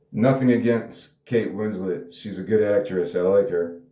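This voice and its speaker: A man's voice: on the low side, takes it slowly, mellow, echoey room. A man who wrote a screenplay, talking about it casually and ramblingly on his own, with frequent laughs. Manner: rambling and chatty, laughs often. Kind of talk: casual solo talk to camera.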